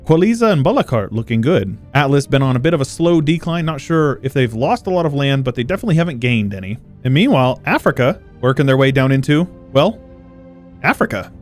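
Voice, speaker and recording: Man, host of a strategy-game channel; animated, jokey delivery, faint music underneath. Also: medium pitch. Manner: joking, laid-back, quick asides with chuckles. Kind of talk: casual gameplay commentary.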